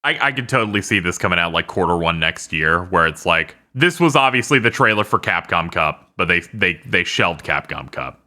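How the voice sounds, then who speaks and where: A man co-hosting a casual gaming podcast, excitable and animated, with some swearing. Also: low-pitched, normal speed, few pauses. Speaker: podcast co-host.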